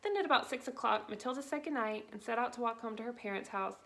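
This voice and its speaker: A woman's voice: a little high, quick pace, fairly bright tone. Woman reading a children's book aloud. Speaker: narrator.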